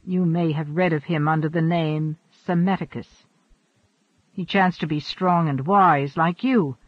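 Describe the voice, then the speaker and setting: Ageless immortal man, earnest and formal, high-voiced, read by a male narrator, dry dull recording. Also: dry recording.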